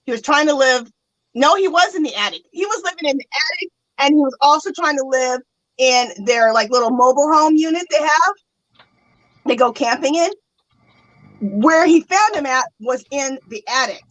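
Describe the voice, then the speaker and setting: A woman's voice: high voice, moderate pace, no echo, poor audio. A woman hosting a casual chat, telling a story with lots of feeling and acting out her own reactions. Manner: animated, acts out her own reactions in quotes. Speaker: host.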